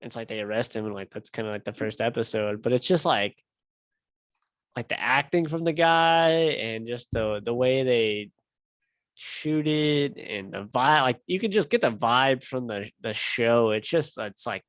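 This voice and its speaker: A man's voice: medium pitch, lively intonation, a little slow, fairly bright tone, no room sound. A young man hosting a casual podcast, telling a long story in a rambling, profane way full of fillers. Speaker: podcast host. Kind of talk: casual chat.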